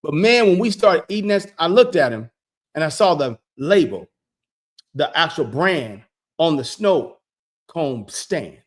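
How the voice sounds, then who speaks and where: A man with a fairly high voice tells a casual vlog story at a measured pace, yet stays animated throughout. He replays the dialogue with lots of "I said, he said," and his words repeat as excitement builds.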